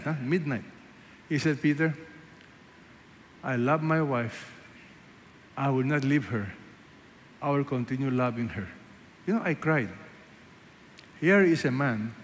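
A pastor preaches a sermon at medium pitch, firing rhetorical questions at the congregation and swinging between loud emphasis and hushed asides. The echoey large church hall carries faint ambience and a little hiss or hum.

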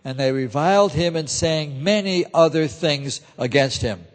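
A man narrating a scripture reading in a steady, solemn way, in a large church. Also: on the high side, a little slow. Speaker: reader. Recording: echoey church hall.

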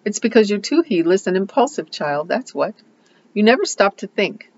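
A reader performs a gossipy, self-assured older woman neighbor from a storybook, emphatic and scolding, with a pet phrase she keeps repeating. The voice is mid-range with big pitch swings and a normal speed. The sound is lo-fi with slight background noise.

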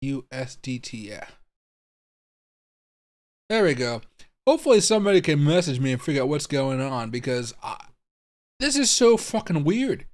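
A young man hosts a crypto live stream, his mid-range, expressive voice carrying a darkish tone at a moderate pace with long pauses. He thinks aloud in bafflement as he clicks around, swearing and speaking straight to his viewers in casual commentary.

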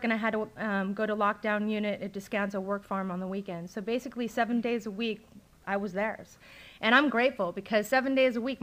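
A woman speaks at a recovery meeting, sharing her past in a candid, conversational way. Her voice sits a little high and she leans on ums and likes as she goes. She sounds middle-aged and speaks plainly and openly. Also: fairly bright tone. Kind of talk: personal recovery story told to a meeting. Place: meeting room, live talk recording.

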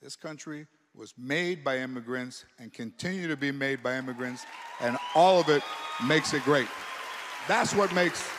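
A man doing stand-up comedy, loud and profane, with Spanish words mixed into his jokes. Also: a little high. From United States. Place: large comedy venue. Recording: live show with crowd noise.

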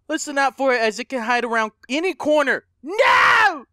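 A man's voice: very high-pitched, very animated, normal speed, few pauses, sharp tone, raised voice. A man playing a horror game for viewers, talking to them as he goes, often panicking, screaming and swearing at the monsters. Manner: talks to viewers as guys. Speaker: gaming YouTuber. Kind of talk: let's play commentary.

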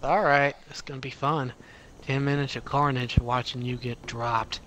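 A man's voice: mid-range voice, moderate pace, a little hiss or hum. A man swearing and taunting his friend while they play an online shooter together, and chatting casually between rounds. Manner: profane, taunting, excitable during fights. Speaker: gamer streaming with a friend. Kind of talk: casual gaming chat.

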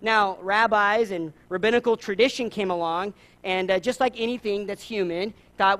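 A man with a Southern US accent preaching a sermon, lively, acting out the people in his stories. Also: high voice, normal speed. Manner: animated, acts out voices in his stories. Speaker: pastor.

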